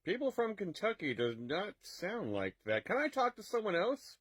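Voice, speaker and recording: A man's voice: high-pitched, huge pitch swings, moderate pace, background noise. A man doing absurd, crude comedy sketches with rambling bits.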